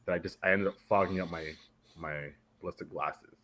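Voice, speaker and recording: Man, deep voice, from Canada, military veteran, animated storyteller, podcast guest. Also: a little fast. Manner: animated, acts out the voices of others in his stories. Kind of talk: casual storytelling in a podcast interview.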